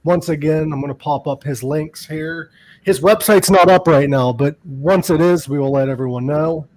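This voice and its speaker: A man's voice: on the high side, normal speed, darkish tone, poor audio. A man hosting a podcast in a casual chat, laughing often and swearing loosely while reading fan questions. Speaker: podcast host.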